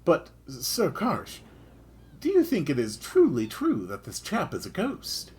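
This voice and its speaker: A man voicing a pompous male soldier who talks in a slow, drawn-out way. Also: fairly high pitch, huge pitch swings, pitched above the performer's own voice.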